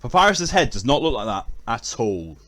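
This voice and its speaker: A man's voice: medium pitch, sing-song, moderate pace, a bit bright. A young man streaming a game, joking crudely and reading out chat. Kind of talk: casual live-stream chat.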